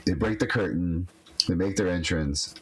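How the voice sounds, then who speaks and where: A man co-hosting a podcast, a wrestler telling stories in casual chat, animated, with many restarts. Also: low voice, normal speed, husky, faint music behind.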